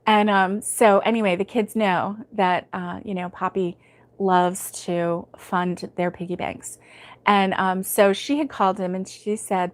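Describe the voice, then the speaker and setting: A woman's voice: medium pitch, little pitch movement, a little slow. A middle-aged woman hosting a live crochet stream, chatting casually, laughing often and reading out viewer comments.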